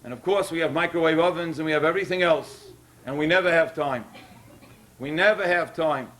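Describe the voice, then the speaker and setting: A rabbi speaks at a Torah dedication in a synagogue, giving an emotional sermon that rises to emphatic peaks. His voice is a little high and a bit bright, moving slightly fast.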